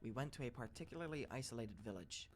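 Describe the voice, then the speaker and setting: A man's voice: mid-range voice, animated, quick pace. Man reading creepy stories aloud. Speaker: story narrator. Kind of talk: reading scary first-person stories aloud.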